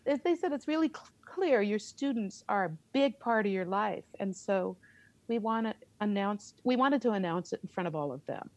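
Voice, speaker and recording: Animated middle-aged woman telling a story. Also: medium pitch, moderate pace, no echo. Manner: animated, laughs often and acts out her own reactions. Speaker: guest, theater teacher. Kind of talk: conversational storytelling in an interview.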